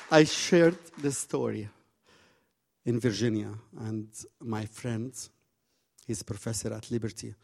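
Gravelly, husky male preacher. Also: medium pitch, takes it slowly, pauses often. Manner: impassioned, swinging from hushed to loud. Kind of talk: sermon storytelling.

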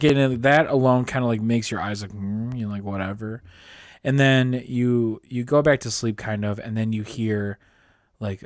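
A man's voice: fairly low pitch, no echo, studio quality. A young man co-hosting a comedy podcast, rambling through stories with lots of "like" and laughing easily. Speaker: podcast co-host. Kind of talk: casual comedy chat.

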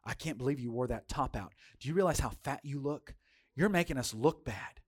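A male preacher voicing a cruel husband who belittles his wife in a low, cold, scornful tone. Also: fairly quick, no echo, clean studio sound, lightly acted.

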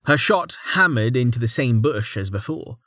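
Male fantasy audiobook narrator, lively and expressive, dry close sound. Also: medium pitch, moderate pace, no echo. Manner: expressive storytelling. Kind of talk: scripted narration.

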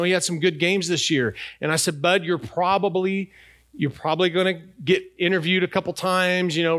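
Middle-aged guy pastor preaching, kinda high voice, chatty, keeps asking the crowd stuff. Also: a bit bright. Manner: conversational preacher, rhetorical questions to the congregation. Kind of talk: sermon.

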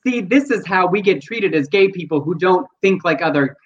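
A man's voice: high-pitched, expressive, normal speed. A man co-hosting a casual news chat show, explaining his views earnestly and at length. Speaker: podcast co-host. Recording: dull lo-fi sound.

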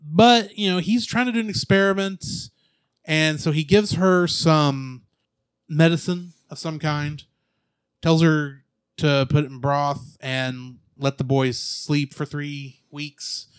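A man co-hosting a casual movie podcast, retelling the plot with jokes and quick asides. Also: fairly high pitch, fairly even intonation, clean tone, no echo. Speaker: podcast co-host. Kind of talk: casual movie recap chat.

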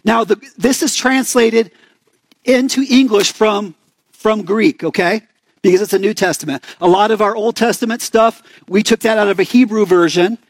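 A young man with an Arizona accent preaches in a relaxed, conversational sermon, often turning to the congregation with questions. His voice sits fairly high for a man. The sound is dry and close, with little room. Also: moderate pace, no echo. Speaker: pastor.

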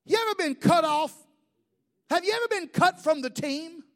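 A man in his fifties, a pastor preaching an animated sermon full of rhetorical questions. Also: very high voice, moderate pace.

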